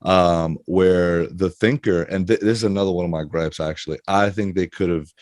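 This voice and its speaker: Deep-voiced man, dry close sound. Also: fairly even intonation, normal speed, darkish tone, no room sound. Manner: thoughtful, hesitant, stammers on restarts. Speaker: podcast co-host. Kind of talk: casual chat.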